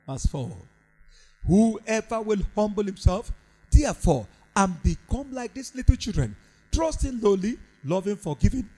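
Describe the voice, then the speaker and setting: A man's voice: high voice, mellow, slightly rough, low-quality recording. A man preaching a sermon, fervent and repetitive, with a sing-song cadence.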